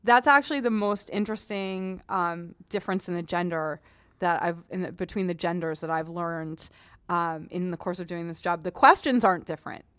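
A woman's voice: lowish voice, moderate pace, fairly bright tone, no echo. A woman hosting a podcast in a frank, joking, chatty way, often restarting her sentences. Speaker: podcast host, cleaning advice columnist. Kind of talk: casual podcast chat.

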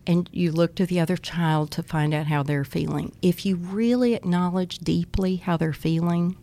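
Lively woman educator with a lowish voice. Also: moderate pace. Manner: animated, acts out children's and teachers' lines in soft whispers. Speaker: early childhood educator. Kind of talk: interview guest explaining teaching methods.

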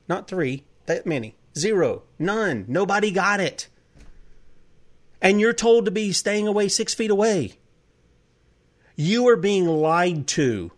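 Male talk host, fairly high voice, heated and preachy. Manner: heated, preachy, rhetorical questions. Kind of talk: impassioned political talk show monologue.

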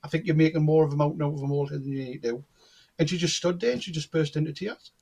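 A man's voice: on the high side, racing, vocal fry, a little hiss or hum. A man, telling anecdotes in casual chat and acting out the dialogue in them. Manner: animated storyteller, acts out quoted dialogue. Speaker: guest, cold reader.

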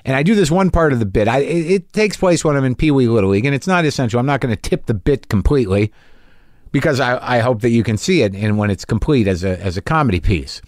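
Expressive and quick, with a darkish tone, a middle-aged comedian who hosts a podcast tells a rambling story from the stage, stumbling on repeated words. His voice jumps sharply higher whenever he acts out audience members. The recording is dry.

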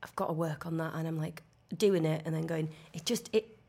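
A chatty woman with a Leeds accent talks freely as a guest, her voice sitting low with a gravelly fry. She fills her sentences with "like" and restarts herself often. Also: a little fast, warm tone. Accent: Leeds, Yorkshire. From Leeds, England. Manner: chatty, frequent "like" fillers and restarts. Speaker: actress, podcast guest. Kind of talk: casual conversation.

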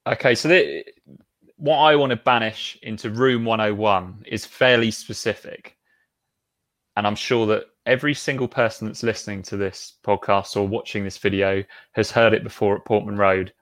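A man co-hosting a casual football podcast, speaking in an animated, opinionated way with frequent restarts. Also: fairly low pitch, moderate pace. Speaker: podcast co-host.

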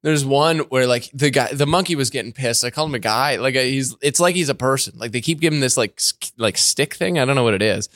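A man hosting a podcast, chatting casually and telling animated stories, often laughing and acting out voices. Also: medium pitch, fast talker, few pauses, dry recording, clean studio sound. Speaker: podcast host. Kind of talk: casual chat.

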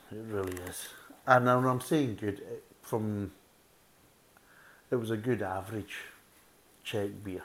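A man's voice: sits low, rough recording. A man reviewing beer in a casual, blunt, rambling way, repeating himself often. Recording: faint background hiss.

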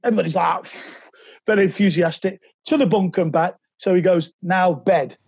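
A man, a podcast guest telling animated anecdotes and slipping into quoted voices. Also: high-pitched, brisk, gravelly, lo-fi sound, noisy background. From England. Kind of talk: anecdotal interview storytelling.

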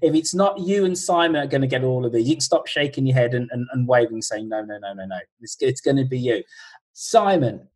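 Male podcast host, husky, mid pitch, casual quiz-master on a video call. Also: darkish tone, poor audio. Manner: chatty, reads questions slowly twice.

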